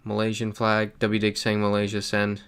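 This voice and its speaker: This host's voice is on the low side, clean and fairly bright, with a completely flat delivery at a moderate pace. He chats casually on his stream, reading out viewer messages during gameplay.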